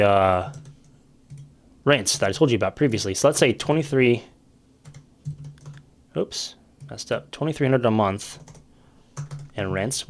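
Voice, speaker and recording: Low-voiced man walking through rental numbers. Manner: conversational, many fillers and restarts, thinking aloud over numbers. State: coughing now and then. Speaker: realtor explaining rental investing. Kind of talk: casual screen-share explainer.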